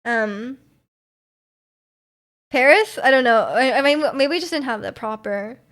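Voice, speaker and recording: A woman's voice: high-pitched, expressive, brisk, a bit bright. A young adult woman hosting a livestream, chatting casually and reading out viewer messages, giggling often between filler words. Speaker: livestream host.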